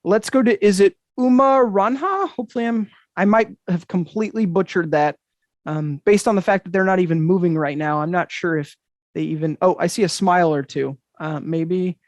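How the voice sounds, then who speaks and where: A man's voice: high voice, moderate pace, dry recording. A man hosting an interactive magic show over a video call, talking to the audience with upbeat, enthusiastic patter. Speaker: magician and host.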